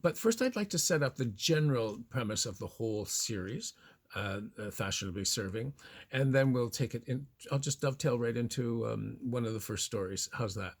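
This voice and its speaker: A man vlogging with a theatrical, cheeky flair, sweeping his pitch up and down as he spins a tale. His voice is slightly husky. He savours his words in a playful, tongue-in-cheek way. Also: expressive, normal speed. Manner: cheeky, flamboyant, over-the-top delivery. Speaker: fashion vlogger. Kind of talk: theatrical storytelling monologue.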